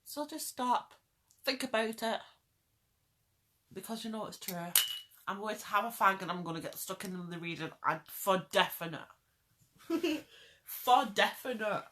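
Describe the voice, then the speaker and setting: A woman speaking straight to her audience in a passionate vlog rant. She pleads and presses her point, circling back to the same phrases again and again. Her voice sits at an ordinary middle pitch for a woman. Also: lively intonation, normal speed, pauses often, bright, forceful tone, slight background noise. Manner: urgent, pleading, repeats phrases for emphasis. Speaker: vlogger. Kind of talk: impassioned direct-to-camera rant.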